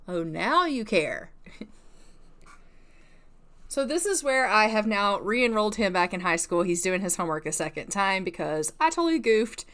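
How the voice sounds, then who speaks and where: A woman's voice: medium pitch, big pitch swings, measured pace, long pauses, fairly bright tone. A woman giving casual gameplay commentary, chatty and full of filler words, laughing often. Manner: chatty, full of "like" and "you know". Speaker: let's-play creator.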